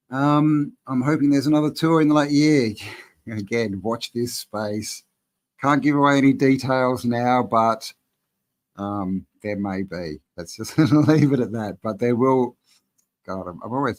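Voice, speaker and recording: A man hosting a live-stream Q&A, talking in a relaxed, rambling way and reading out viewers' chat messages. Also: mid-range voice, a little slow. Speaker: channel host answering live chat.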